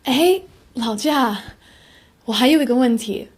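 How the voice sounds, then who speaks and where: A woman's voice: fairly high pitch, animated, a little slow, husky. A woman playing a hotel guest who politely but firmly raises complaints in a scripted learner dialogue. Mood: complaining.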